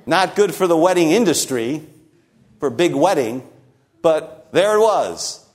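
A man preaching a verse-by-verse sermon in a relaxed, conversational way, with a slightly high voice. He keeps checking in with his listeners with quick rhetorical questions and slips in dry, wry humor as he explains. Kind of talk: expository sermon.

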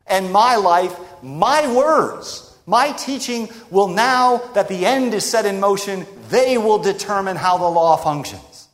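A man preaching a sermon in an emphatic, rhetorical way with dramatic pauses. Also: high-pitched, expressive. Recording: long reverb of a large hall.

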